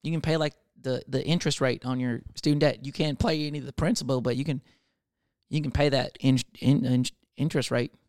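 A young adult man, a comedian, riffing in a casual rambling monologue, swearing often and slipping into quick voices of other people. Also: mid-range voice, steady tone, a little mellow, no echo, studio quality.

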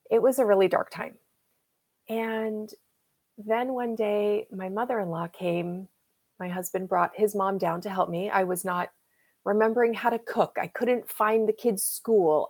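A woman in her fifties, an interview guest, telling a personal story with emotion and acting out what people said to her. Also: medium pitch. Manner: emotional, animated retelling with acted-out quotes.

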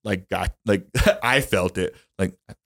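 A man's voice: low-pitched, takes it slowly, fairly bright tone, no echo, studio quality. A young man as a podcast guest, telling a personal story in casual chat, rambling and emotional with many fillers and restarts.

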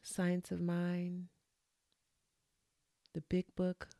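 Woman, low gravelly voice, motivational gratitude vlog, repetitive affirmations, dry close sound. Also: completely flat delivery, extremely slow, mellow, no room sound. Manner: repetitive, affirming, with chatty asides. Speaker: vlogger. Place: room at home.

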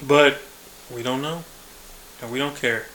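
Man co-host, bright edgy tone, wry jokey casual chat. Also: medium pitch, fairly even intonation, slight background noise, poor audio. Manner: wry, jokey, quick to laugh. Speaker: podcast co-host.

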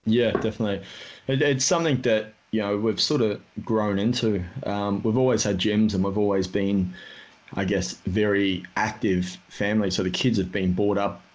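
A man's voice: on the low side, fairly even intonation, moderate pace. A man hosting a casual podcast interview, chatty and rambling with plenty of fillers. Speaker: podcast host.

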